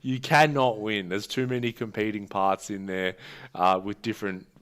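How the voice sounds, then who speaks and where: A man's voice: lowish voice, fairly even intonation, normal speed, a bit bright. A man co-hosting a podcast, chatting casually and rambling through stories, often restarting his words. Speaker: podcast co-host. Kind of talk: casual chat.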